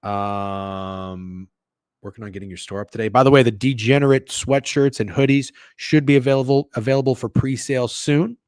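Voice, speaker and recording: A man's voice: mid-range voice, steady tone, normal speed, darkish tone, clean tone, dry recording. Loose, profane male stream host, dry sound. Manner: loose and profane, joking with chat. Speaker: sports betting stream host. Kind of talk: casual livestream chat.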